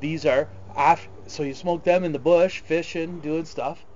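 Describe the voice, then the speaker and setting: A man's voice: a little high, steady tone, measured pace, darkish tone, faint music behind. A middle-aged man chatting casually, rambling about fishing trips and evenings by the fire. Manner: rambling, storytelling. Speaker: host's father. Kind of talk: casual chat. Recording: dull lo-fi sound with faint background noise.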